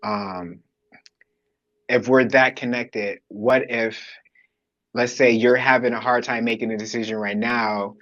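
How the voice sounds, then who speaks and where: Male guest, rambling and searching, mid pitch, dull remote sound. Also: fairly even intonation, a little slow, fairly bright tone. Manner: rambling, thinks aloud with fillers. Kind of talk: casual live chat.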